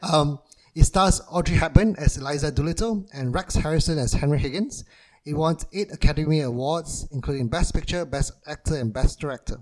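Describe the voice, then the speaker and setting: A man's voice: a little high, a little fast, a little mellow, rough recording. A man co-hosting a film podcast, chatting casually and laughing often. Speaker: podcast co-host.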